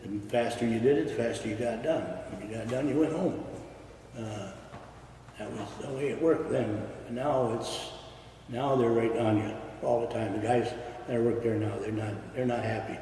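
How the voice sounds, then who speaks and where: An older man from Michigan spins his stories bluntly, cursing freely. His voice is mellow and unhurried. It comes from a distance, with a long ring of room echo and faint hiss behind it. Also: medium pitch. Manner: salty storytelling with swearing. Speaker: retired railroad worker. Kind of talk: oral history interview.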